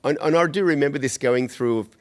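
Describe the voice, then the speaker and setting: A man's voice: mid-range voice, fast. A man hosting a podcast, asking curious questions in a casual interview. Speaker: podcast host.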